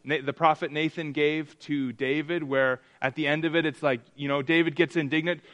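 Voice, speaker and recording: A man's voice: on the high side, steady tone, moderate pace, fairly bright tone. Man preaching conversationally to a congregation. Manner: conversational, asks the congregation questions; many restarts and repetitions. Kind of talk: interactive sermon. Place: church hall with a congregation.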